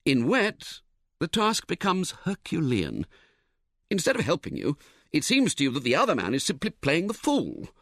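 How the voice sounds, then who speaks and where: A man narrating a comic novel as an audiobook, in a wry, expressive, theatrical manner. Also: on the high side, normal speed, no room sound, studio quality.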